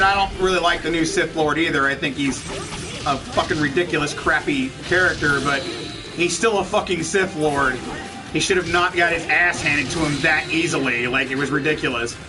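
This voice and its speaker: A man hosting a let's play, chatting casually with viewers in a profane, ranting way and laughing often. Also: on the high side. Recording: distant mic with game music behind.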